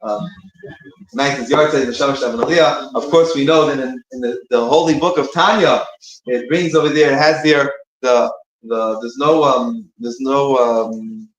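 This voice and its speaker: A man's voice: medium pitch, normal speed. A man giving an informal teaching talk, rambling and restarting as he searches for words. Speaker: speaker giving a short talk between prayers. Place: synagogue room. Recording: echoey room.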